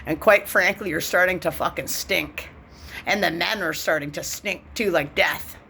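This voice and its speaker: A woman's voice: fairly low pitch, moderate pace, creaky, pushed and bright, a little hiss or hum. A woman from Canada delivering a bitter, profane rant to camera. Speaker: vlogger. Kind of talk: angry monologue to camera.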